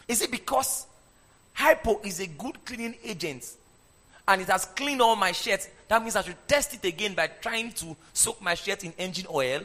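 A man's voice: sits high, normal speed. A man preaching a sermon and having the congregation repeat his lines back to him. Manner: animated preaching, leads the congregation in call-and-response. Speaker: pastor. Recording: echoey hall with long reverb.

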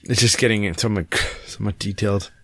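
A man co-hosting a casual podcast chat, reading an article aloud in a halting, squeamish way with many restarts. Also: lowish voice, steady tone, dry recording, studio quality. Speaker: podcast co-host.

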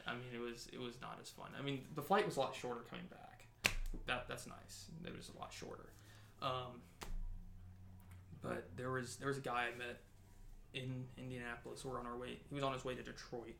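A man's voice: medium pitch, level tone, fairly quick, vocal fry, fairly bright tone. A young man from California's Central Valley telling travel stories in casual chat, rambling with many restarts and laughs. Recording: echoey room, faint noise.

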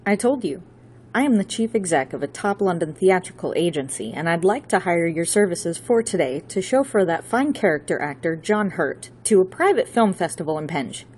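A woman doing a brisk, wry agent on the phone. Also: on the low side, lively intonation, darkish tone, a little hiss or hum, close to an everyday voice. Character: smooth-talking male theatrical agent on the phone.

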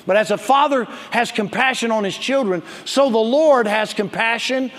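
A male pastor preaching a sermon, building to shouts and calling on the congregation to respond. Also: extremely high pitch, moderate pace, in a large hall.

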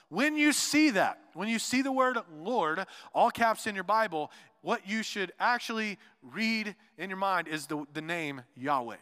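A pastor preaching a sermon, moving between loud emphatic lines and soft quiet asides, with joking remarks to the congregation. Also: male voice, fairly high pitch, clean tone. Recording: long reverb of a large hall.

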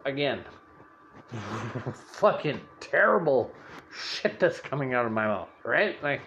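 A young man hosting a podcast, telling a story in a profane, animated rant. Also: mid-range voice, slow, long pauses, muffled recording, a little hiss or hum. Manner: swears constantly, animated and rant-like. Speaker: podcast host.

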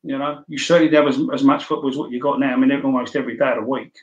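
An older man from London, England, is an interview guest telling casual stories in a chatty, rambling, anecdotal way with many restarts. His medium-pitched voice is steady and very fast, and the lo-fi sound carries an echoey room.

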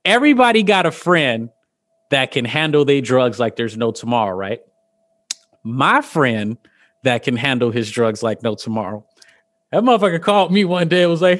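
Animated high-voiced man telling stories. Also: unhurried. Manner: animated, laughing, acts out quotes in a high voice. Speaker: podcast host. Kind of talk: casual storytelling chat.

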